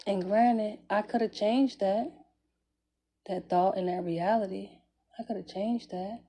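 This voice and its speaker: A woman speaks in a warm, mellow voice at an ordinary pitch for a woman. She tells a personal story in an easygoing, conversational way. She swears freely and chuckles between phrases. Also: steady tone, unhurried. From Jacksonville, Florida, US. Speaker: vlogger.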